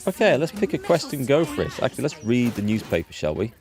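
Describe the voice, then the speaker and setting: A man's voice: mid-range voice, huge pitch swings, fast talker, darkish tone, soft background music. A man from northeast England streaming a video game, chatty and self-deprecating as he thinks aloud. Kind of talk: casual live-stream commentary.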